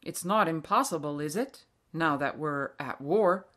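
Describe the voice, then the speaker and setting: Grave farmer telling bad news, urgent, read by a woman, slow. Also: deep voice, fairly bright tone. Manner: urgent, insistent. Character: grave farmer man bearing war news.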